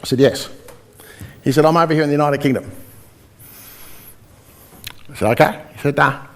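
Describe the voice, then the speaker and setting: A man's voice: medium pitch, a little fast, long pauses. A middle-aged Australian man giving a motivational seminar talk, telling stories with quoted dialogue and quizzing the audience. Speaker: seminar speaker.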